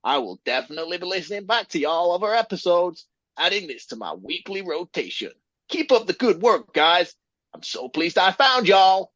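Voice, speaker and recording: Man doing an overblown Deep South cowboy drawl, pitched up high, on a dull, dry mic. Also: sing-song, moderate pace, fairly bright tone, no room sound, exaggerated voice. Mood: hammy cheerful. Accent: put-on American Deep South. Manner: exaggerated drawl with whoops of "howdy".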